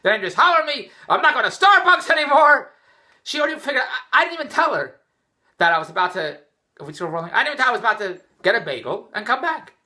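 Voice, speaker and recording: Having just come in from the rain, a middle-aged man vlogs indoors, telling a rambling, exasperated story that keeps restarting. His voice sits high and sing-song, racing along in a pushed, bright tone.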